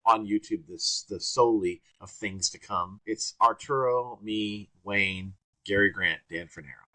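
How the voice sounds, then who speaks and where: A man guesting on an interview podcast, telling lively anecdotes in a casual, excitable way. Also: lowish voice, measured pace. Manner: animated, excitable anecdotes with bursts of energy. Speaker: guest trumpeter. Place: works around Orange County, California.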